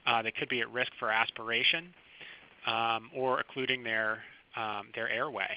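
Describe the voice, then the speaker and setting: A man, a physician, giving a recorded medical lecture over slides, explaining clinical signs in a calm, teaching manner. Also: medium pitch, moderate pace. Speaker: physician lecturing first responders. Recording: dry, slightly dull close recording.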